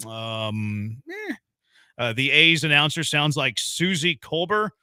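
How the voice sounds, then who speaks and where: A male sports radio host talks in a playful, joking way, with his pitch swinging up and down. His voice is very bright and forceful, and the studio mic picks it up close and dry. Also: sing-song, slow pace, clear, resonant tone, dry recording. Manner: playful, jokey banter. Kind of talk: casual sports talk. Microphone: studio microphone.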